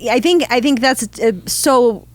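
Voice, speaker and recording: A woman's voice: fairly high pitch, dry recording. Earnest woman co-hosting a chatty podcast. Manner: affirming, earnest, drawn-out with fillers. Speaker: podcast co-host. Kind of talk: casual podcast chat.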